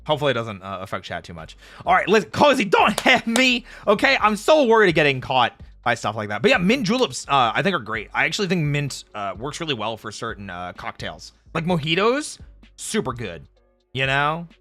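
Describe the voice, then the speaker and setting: A man streaming casually, chatting with viewers in an animated, jokey way and laughing often. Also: medium pitch, brisk. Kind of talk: casual live-stream chat answering viewers. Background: faint background music.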